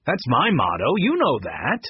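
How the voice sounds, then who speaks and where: Man voicing sly publicist, defensive, high husky, storybook. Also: wildly swooping pitch, a little slow, no echo, muffled recording, exaggerated voice. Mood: pleading.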